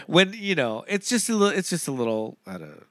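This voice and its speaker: A man's voice: a little high, no room sound, clean studio sound. A man co-hosting a casual movie podcast, rambling with lots of fillers and frequent laughs. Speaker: podcast co-host.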